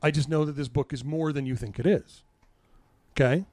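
A man's voice: on the high side, fairly even intonation, normal speed, darkish tone, dry recording, clean studio sound. A man co-hosting a podcast with his wife, joking and swearing freely in casual chat. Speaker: podcast co-host.

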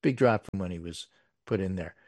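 A man's voice: low voice, a little fast, a little mellow, no echo. Male talk host, casual commentary, wry dry delivery, close dead mic. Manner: wry, dry asides with fillers. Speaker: political podcast host. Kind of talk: casual political commentary, reading poll numbers.

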